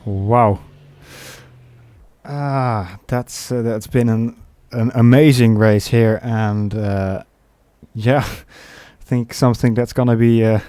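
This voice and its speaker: Man, sim racing play-by-play, mid-pitched, halting delivery, lots of fillers. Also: fairly even intonation, warm tone, smooth, dry recording. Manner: hesitant, many fillers, calls the action. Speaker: lead commentator.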